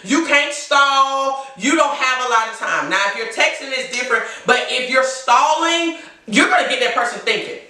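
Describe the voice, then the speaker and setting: A woman's voice: high voice, animated, normal speed, bright, forceful tone, very echoey, recorded from a distance. A woman life coach giving blunt, preachy dating advice in a casual monologue, laughing between points.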